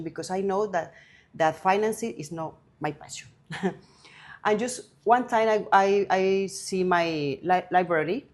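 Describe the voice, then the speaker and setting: Colombian woman in halting English. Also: mid-range voice, darkish tone. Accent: Colombian Spanish. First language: Spanish. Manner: halting non-native English with many restarts and fillers. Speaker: guest, holistic wellness coach. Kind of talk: interview.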